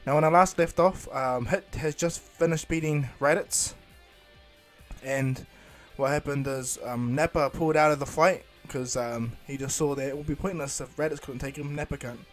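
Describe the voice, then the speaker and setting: A man's voice: fairly high pitch, steady tone, normal speed, faint music behind. A man improvising a fan story retelling, rambling with many ums and restarts and briefly voicing the characters. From New Zealand.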